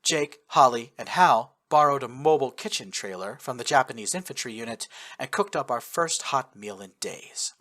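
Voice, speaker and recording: Bright, lively male storyteller. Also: medium pitch, normal speed, few pauses. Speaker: narrator. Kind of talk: first-person audiobook narration of fan fiction.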